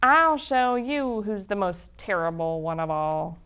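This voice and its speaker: A woman voicing a boastful, slimy male monster in a storybook reading, speaking loudly. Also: mid-range voice, sing-song, a little slow, clear, resonant tone.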